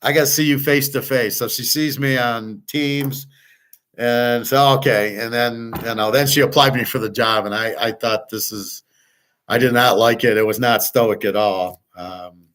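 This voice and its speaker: A man's voice: medium pitch, steady tone, measured pace, a bit bright. An older man hosting a sports betting show, talking in a rambling, casual way with plenty of swearing and restarts. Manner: rambling, profane, repeats himself.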